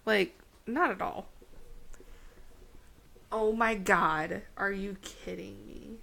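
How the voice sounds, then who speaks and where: A woman's voice: medium pitch, fairly even intonation, slow, gravelly, a bit bright. A woman co-hosting a podcast, sarcastic and nitpicking movie details in a casual chat. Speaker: podcast co-host.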